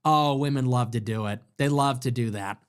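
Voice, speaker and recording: A man's voice: mid-range voice, moderate pace, clean tone. A man hosting a political commentary show, ranting sarcastically and mockingly and throwing around crude insults.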